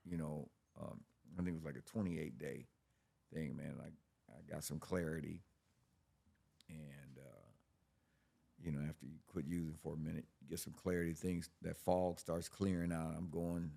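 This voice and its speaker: A man's voice: a bass voice, normal speed, gravelly. A man casually telling his recovery story on a podcast, profane and street-talking. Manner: profane, street-talking, animated when quoting. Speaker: podcast guest.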